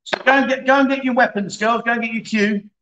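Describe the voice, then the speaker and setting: Guy hosting a stream, chatty and jokey, high bright voice. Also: fairly even intonation, fast talker, muffled recording. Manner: chatty, joking, reads viewer comments aloud. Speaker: livestream host. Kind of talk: casual livestream chat.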